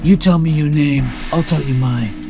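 A man doing a low, smooth menacing caller. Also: normal speed, mellow, soft background music, natural voice. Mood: teasing. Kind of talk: comic storytelling.

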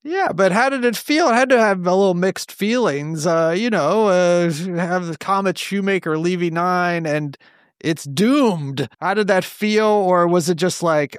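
A man's voice: high-pitched, a little slow, clear, resonant tone, no echo, studio quality. A man hosting an interview, talking in a chatty, enthusiastic way with frequent fillers. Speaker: podcast host. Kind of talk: casual interview chat. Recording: music playing behind. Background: music.

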